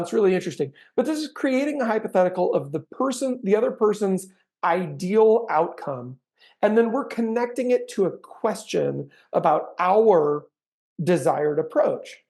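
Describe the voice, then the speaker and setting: A man giving an animated sales training talk, acting out client conversations with bursts of energy. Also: high-pitched, creaky. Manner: animated, acts out sales dialogues with big swings in energy.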